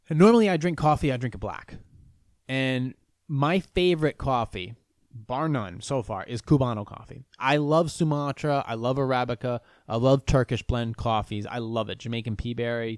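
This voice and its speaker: A man's voice: medium pitch, dry recording, studio quality. A man talking casually on his own channel, rambling with lots of fillers and restarts and swearing freely. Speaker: vlogger.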